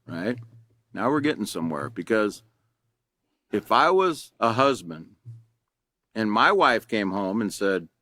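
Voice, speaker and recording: Man, middle-aged, folksy classroom instructor, bright tense voice. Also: fairly low pitch, sing-song, unhurried, long pauses, no echo, clean studio sound. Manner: folksy, conversational, asks the class questions. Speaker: anger management instructor. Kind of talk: casual classroom teaching.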